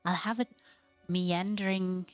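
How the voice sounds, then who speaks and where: A woman's voice: fairly low pitch, fairly even intonation, a little slow, dry recording. A woman hosting a game housing showcase, talking over a gameplay tour in a gushing, affectionate, admiring way. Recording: slightly muffled, faint music behind.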